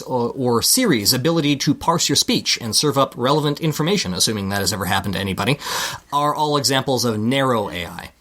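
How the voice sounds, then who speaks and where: A man's voice: medium pitch, a bit bright. A man with a Canadian accent, a podcast co-host reading a scripted segment with dry, self-deprecating asides.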